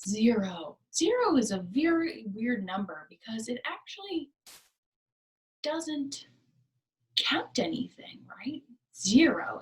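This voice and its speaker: A woman leading a library program for small children, talking in a slow, sing-song way and often dropping to soft whispers. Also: a little high. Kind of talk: teaching preschoolers. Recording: voice a bit distant from the mic.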